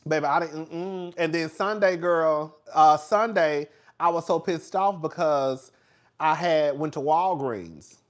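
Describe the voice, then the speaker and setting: A man hosting a casual livestream, chatty and animated, laughing often, with slang and swearing. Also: on the high side, unhurried. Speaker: host.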